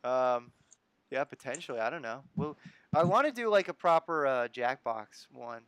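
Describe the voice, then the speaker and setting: A laid-back man from the United States hosts a live stream in easy, casual chat, pausing to read out viewer comments. His voice sits at a middling pitch and sounds close and dry, with almost no room around it. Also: animated, fairly bright tone, smooth, no room sound.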